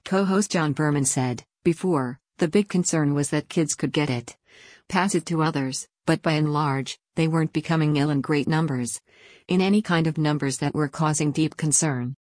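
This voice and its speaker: Woman, low voice, news article reading, even and measured, dry close sound. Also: no echo. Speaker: article reader. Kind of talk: read-aloud news article.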